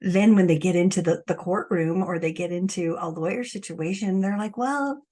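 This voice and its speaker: Outspoken, frustrated woman with a husky voice. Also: on the low side, steady tone, brisk, mellow. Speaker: abuse support coach. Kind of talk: impassioned direct-to-camera monologue.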